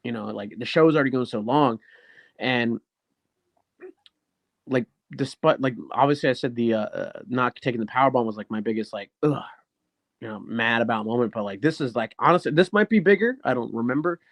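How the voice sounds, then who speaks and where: A man's voice: mid-range voice, fairly quick, dry recording. A man who is a professional wrestler and guest on an interview show, telling stories casually and acting out quoted dialogue, with frequent swearing. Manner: animated, swears often, acts out quoted dialogue.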